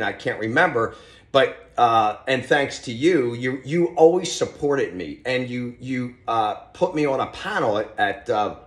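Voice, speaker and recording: A man talking as a podcast guest, telling stories in an animated, motivational way with loose restarts. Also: medium pitch. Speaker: podcast guest, real estate team leader. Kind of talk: podcast conversation, storytelling. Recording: roomy echo.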